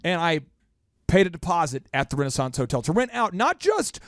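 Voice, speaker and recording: A man hosting a podcast, telling a story in a quick, animated, self-mocking way. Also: on the high side, no echo, clean studio sound. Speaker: podcast host. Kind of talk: storytelling in casual chat.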